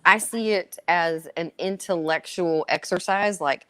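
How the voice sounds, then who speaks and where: A woman guest on a casual panel discussion, frank and profane, slow and emphatic. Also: lowish voice, bright, forceful tone, clean tone, no room sound.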